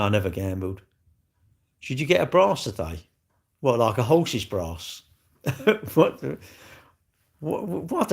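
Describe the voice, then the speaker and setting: A middle-aged man, chatting bluntly and ramblingly on a livestream as he answers viewers' comments. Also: lowish voice. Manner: blunt, rambling, chatty with frequent restarts and laughs. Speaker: livestream host.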